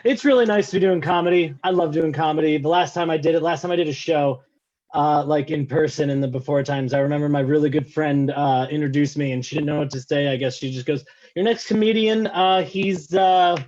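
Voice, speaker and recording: Stand-up man, slightly high voice, self-deprecating, rambling, lo-fi call audio. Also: fairly even intonation, fast, darkish tone. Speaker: stand-up comedian. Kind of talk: stand-up set over a video call. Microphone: video call.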